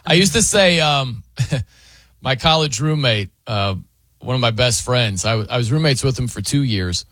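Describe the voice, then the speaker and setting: A radio host riffs casually with his co-host, laughing often and slipping into impressions of other people's pronunciations. His voice is bright, and his pitch swings widely. The studio sound is dry and close. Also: animated, normal speed, no echo.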